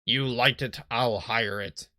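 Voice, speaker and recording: A man voicing a gruff, weathered male harbor captain in a rough pirate-style put-on voice, reading game dialogue aloud. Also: mid-range voice, slow, bright, forceful tone, no room sound, studio quality.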